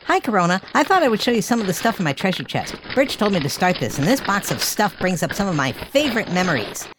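A woman voicing a gentle young boy who explains and pleads, in a fan-made drama. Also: medium pitch, sing-song, noisy background, natural voice. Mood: earnest. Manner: quick, pleading. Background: background music.

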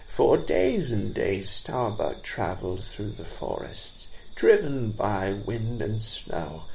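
A man playing a kindly old deer telling a tale to fawns in a storybook, speaking slowly with a gravelly texture. His pitch rises and falls freely as he spins the story. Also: big pitch swings, full character voice, rough recording. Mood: storytelling. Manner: warm, storytelling. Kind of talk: storybook reading.

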